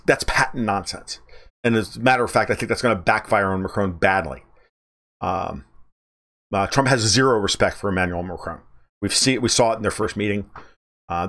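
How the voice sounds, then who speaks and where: Male podcast host, low pitch, rambling and profane, opinionated commentary. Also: a bit bright. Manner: rambling, blunt, profane, with many restarts. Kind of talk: political commentary monologue.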